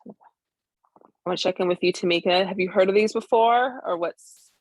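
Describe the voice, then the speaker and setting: A woman's voice: medium pitch, moderate pace, no room sound, poor audio. A woman therapist teaching a live webinar over a video call, earnest, who keeps checking in with her listeners by asking "right?".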